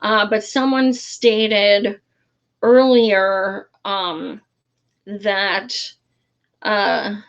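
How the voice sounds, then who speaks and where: A woman's voice: medium pitch, steady tone, extremely slow, pauses often, muffled recording. A woman giving casual, frustrated political commentary in a vlog, blunt and swearing freely, with many fillers.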